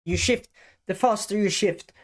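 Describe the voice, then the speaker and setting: A deliberate man stressing his words. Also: high-pitched. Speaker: educational video creator. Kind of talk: talking-head advice vlog. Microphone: camera-facing setup.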